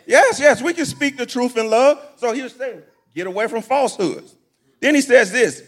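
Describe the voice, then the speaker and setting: A man's voice: very high-pitched, expressive, moderate pace. A pastor preaching a sermon in a church, talking to his congregation in a folksy, conversational way, asking them questions and repeating phrases. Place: church sanctuary.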